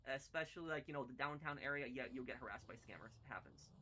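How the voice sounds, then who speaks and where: A man's voice: medium pitch, lively intonation, quick pace, sharp tone, a little hiss or hum. A man telling stories casually while playing a game, rambling with many fillers and restarts. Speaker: gaming streamer. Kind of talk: casual storytelling while gaming.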